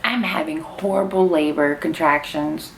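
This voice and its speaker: A woman with a deep, rather even-toned voice speaks a little slowly, with vocal fry and slight background noise. She's a young vlogger at home with her baby, telling a long personal story to the camera in a casual chat, saying "like" constantly and laughing often.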